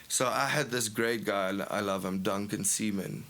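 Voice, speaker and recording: Laughing South African storyteller. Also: male voice, fairly low pitch, normal speed, hardly any pauses, smooth. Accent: South African English. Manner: animated, laughing storyteller, acts out quotes. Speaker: podcast guest, band frontman. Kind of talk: casual storytelling chat.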